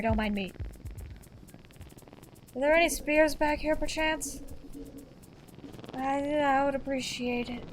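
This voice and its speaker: A young woman commenting on a video game as she plays, excitable, chanting and shrieking at the screen. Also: high-pitched, takes it slowly, long pauses, over music, rough recording. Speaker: gamer. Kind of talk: let's-play commentary.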